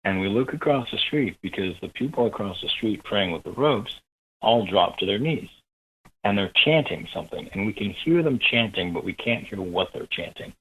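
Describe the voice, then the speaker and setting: A man as an interview guest, telling a story in an animated way that rises with excitement. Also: lowish voice, moderate pace, husky, rough recording.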